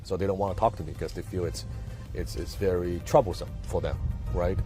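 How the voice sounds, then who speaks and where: A man's voice: low voice, fairly even intonation, brisk, music in the background. A man speaking English as a second language, giving an emphatic motivational talk with rhetorical questions and repeated key phrases. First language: not English.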